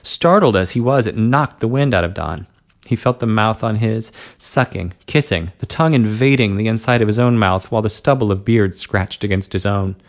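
Guy reading a story out loud, gravelly creaky voice, steady and even. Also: on the low side, moderate pace. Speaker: narrator. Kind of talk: reading an adult story aloud.

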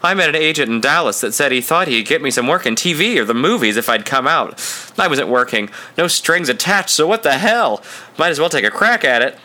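A man voicing a bold, confident young male hitchhiker in his early twenties, warm and friendly but far too sure of himself. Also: a little high, expressive, brisk, voice pushed up. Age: 20s.

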